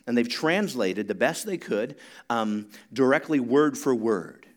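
A pastor preaching to his congregation, moving from conversational teaching into loud, rising emphasis and leading call-and-response. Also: mid-range voice, animated, unhurried. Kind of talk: sermon.

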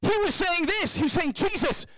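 A man preaching to his congregation with lively, joking delivery, often acting out the lines of the people in his story. His voice sits very high for a man and rings through a large echoey hall, caught from some distance off the mic. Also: measured pace. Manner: animated, joking, acts out quotes. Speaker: pastor. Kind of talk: sermon.

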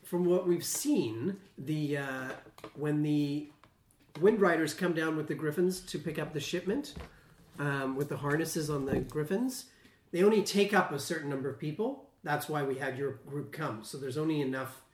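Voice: mid-range voice, moderate pace, reverberant. A game master narrating a tabletop fantasy game, hesitating often with fillers. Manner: hesitant, many ums.

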